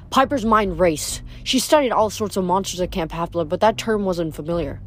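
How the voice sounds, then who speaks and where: Woman reading a novel aloud, slightly low voice. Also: soft background music. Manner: unhurried, with small slips and restarts. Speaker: reader.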